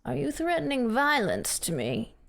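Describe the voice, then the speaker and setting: A woman voicing a shriveled old male shopkeeper who is evasive and shrill. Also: huge pitch swings, moderate pace, vocal fry, fairly bright tone, full character voice. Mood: guarded. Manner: low and curt, then shrieking for help.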